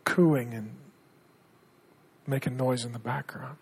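Middle-aged pastor guy preaching, husky voice, earnest, gets hushed in the stories. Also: mid-range voice, steady tone, slow. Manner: earnest, drops to a hushed tone when telling stories. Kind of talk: sermon.

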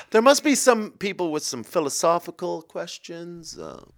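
Excitable man with a swooping voice. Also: high voice, measured pace, vocal fry. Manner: excitable, jumps between silly tangents. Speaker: podcast host. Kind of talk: rambling comic chat.

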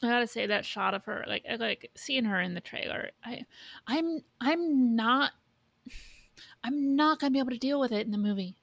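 Woman, podcast co-host, blunt, swears, restarts, higher pitch, dry sound. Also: vocal fry, a bit bright, dry recording. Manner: candid, swears, halting restarts. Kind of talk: casual chat.

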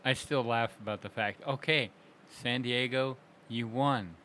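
A man chatting on a panel, animated and quick to laugh, often restarting his sentences. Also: medium pitch, slight background noise. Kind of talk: casual panel chat.

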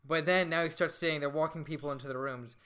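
A man's voice: on the high side, fairly even intonation, fast talker, fairly bright tone, smooth. A man casually retelling a comic book plot with plenty of swearing, quoting the characters as he goes. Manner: profane, retells a comic with quoted voices. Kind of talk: casual storytelling. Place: indoor room with others nearby.

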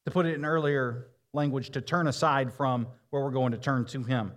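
A man preaching a sermon, reading scripture aloud and slowing down to stress key phrases. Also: mid-range voice, fairly even intonation, a bit bright. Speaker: pastor.

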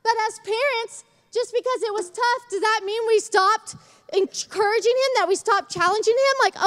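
A young woman with a very high voice preaches in a church in a chatty, animated way, acting out stories as she talks. She sounds casual and lively rather than formal. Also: moderate pace. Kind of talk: sermon.

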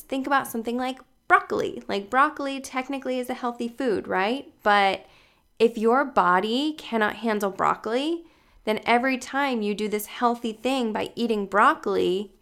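A woman's voice: on the high side, fairly bright tone. A woman talking casually as a health coach on a livestream, chatty and full of "like" and "you guys", greeting viewers by name as they join.

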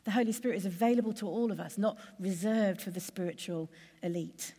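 A woman preacher giving a sermon in a measured, conversational way, building lists with steady pauses. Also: mid-range voice, slightly rough, long reverb tail.

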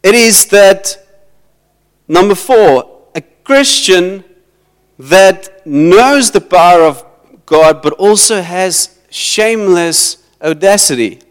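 A man's voice: high-pitched, slow pace, clean tone. A man preaching a sermon in a church hall, acting out dialogue as he goes. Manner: animated, acts out dialogue, switches between English and Afrikaans. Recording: long reverb of a hall.

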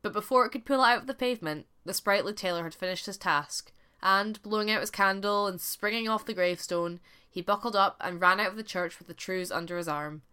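A woman narrating a folk tale as a podcast storyteller, in a measured, scripted storytelling delivery. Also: medium pitch, bright, forceful tone, clear, resonant tone.

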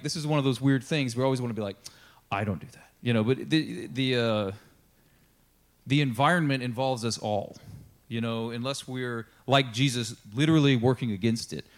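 A male pastor preaches in a loose, conversational way, voice pitched right in the middle. He keeps slipping into quick acted-out lines and asides between readings. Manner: conversational, animated, acts out quotes with laughs and asides. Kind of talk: casual sermon. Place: church sanctuary.

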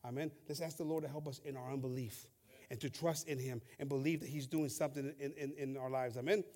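A male pastor preaching a fervent sermon, stumbling over and repeating words as he builds from quiet reading to loud exhortation. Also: medium pitch, steady tone, fast talker.

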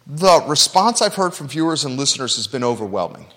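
A man's voice: mid-range voice, big pitch swings, brisk, fairly bright tone, big-room sound. A man hosting a local talk show, speaking earnestly and conversationally, at times emotional. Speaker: radio show host. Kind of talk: talk radio monologue.

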